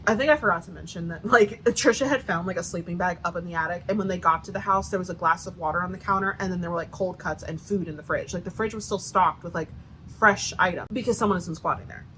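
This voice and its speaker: A woman's voice: lowish voice, quick pace, a bit bright, a little hiss or hum, poor audio. A woman giving a casual, sarcastic book review rant, swearing often and filling her talk with "like.". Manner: profane, sarcastic, heavy filler use.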